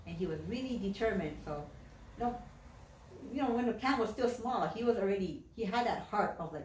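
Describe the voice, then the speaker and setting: A woman minister telling a story in a chatty, animated sermon in a church. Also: mid-range voice, fairly quick. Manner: animated, chatty, with many fillers. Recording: echoey church from a distance.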